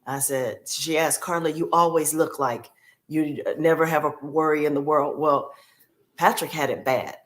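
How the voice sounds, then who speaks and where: A woman's voice: sits low, steady tone, moderate pace. A woman guest on a podcast, telling a personal caregiving story in a heartfelt way and repeating key phrases for emphasis.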